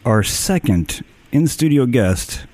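A man's voice: medium pitch, lively intonation, takes it slowly, a little mellow, no echo. A man hosting a live podcast, talking in loose, joking banter with a crude streak. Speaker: podcast host.

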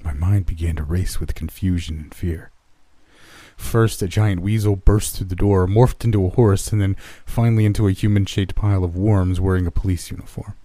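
A man narrating a horror story in a measured, dramatic way. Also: low-pitched, steady tone, warm tone, no room sound.

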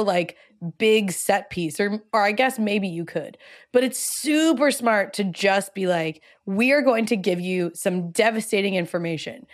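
A woman co-hosting a podcast in easygoing chat. She sounds enthusiastic and animated, with a mid-pitched voice. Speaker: podcast co-host. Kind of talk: casual TV discussion chat.

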